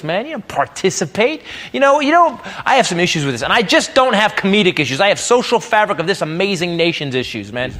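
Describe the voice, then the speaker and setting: Dad comic ranting on stage, high lively voice, crowd roaring and loud room noise. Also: male voice. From United States. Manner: loud ranting delivery, shouting punchlines. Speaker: stand-up comedian. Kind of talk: stand-up comedy set. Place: comedy club stage. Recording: live club recording, loud crowd laughter. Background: audience laughing.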